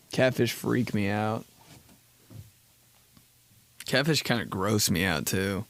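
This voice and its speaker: A man's voice: fairly low pitch, takes it slowly, pauses often, no echo. A young man hosting a podcast, telling rambling, profane comedic stories and slipping into put-on voices. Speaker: podcast host.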